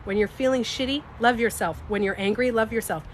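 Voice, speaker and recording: A woman with a somewhat high voice and a slightly stuffy nose, talking casually on a livestream. She is animated and emphatic, swears freely and speaks straight to her viewers. A faint hum of background noise sits behind her. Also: brisk. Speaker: livestreamer and beauty coach.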